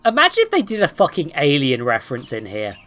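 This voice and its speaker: Sarcastic, lively woman streamer. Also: low voice, quick pace, soft background music. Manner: sarcastic, swears, greets monsters playfully. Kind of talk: casual gameplay commentary.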